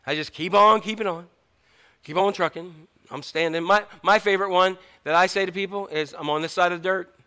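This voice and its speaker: A man preaching a sermon as pastor, slowing down for dramatic emphasis and acting out quotes. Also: high-pitched, bright, forceful tone, clear, resonant tone.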